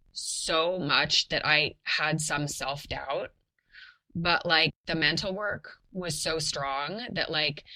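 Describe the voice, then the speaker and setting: Young woman chatting away on a podcast, low pitch but bright and sharp, lots of "like"s. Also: rough recording. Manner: animated, chatty, many "like" fillers, laughs while telling. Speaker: podcast guest telling her birth story. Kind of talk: casual storytelling.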